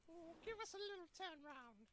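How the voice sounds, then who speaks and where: A woman's voice: very high voice, animated, moderate pace, a bit bright. An actress voicing a brash, flirtatious female relative in a video game, cheeky and bawdy. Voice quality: cheeky, bawdy, common-speaking.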